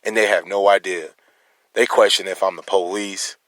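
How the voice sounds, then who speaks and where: His voice is low, fairly bright, and mostly flat in pitch, at normal speed with no echo. A concerned citizen, he gives a raw, emotional personal monologue, rambling and stumbling over words with stammered restarts while challenging listeners in a dry voice.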